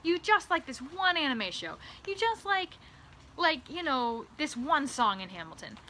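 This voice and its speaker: A woman vlogging in a comedic monologue, rambling and tripping over repeated words, swinging between loud bursts and hushed asides. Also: sits high, big pitch swings, unhurried, a little hiss or hum. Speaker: author vlogger.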